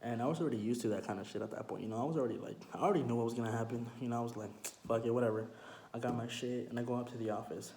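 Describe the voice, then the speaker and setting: A man's voice: medium pitch, a little mellow. Slangy young man eating on camera. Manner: slangy and profane, filler-heavy, eating between lines. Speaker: mukbang storyteller. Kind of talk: casual storytelling while eating. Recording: roomy echo, faint background noise.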